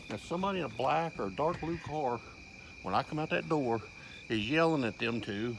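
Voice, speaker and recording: Angry gravelly Kentucky man. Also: fairly high pitch, animated, a little fast. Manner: angry, blunt, drawling. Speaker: homeowner and father. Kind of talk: heated confrontation. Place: outdoors at night, rural yard. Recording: noisy outdoor phone recording. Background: crickets and insects.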